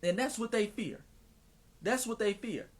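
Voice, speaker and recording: A man hosting a live stream, talking in a casual, animated, preacher-like cadence and sometimes slipping into mocking voices. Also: high voice, unhurried.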